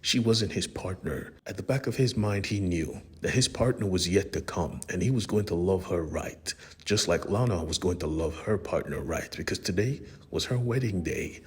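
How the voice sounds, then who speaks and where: A young man with a low voice and a very clean, crisp sound. He retells a comic story casually, in a slangy way, and speaks straight to his audience. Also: normal speed. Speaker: comic book recap host. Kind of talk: casual comic recap narration.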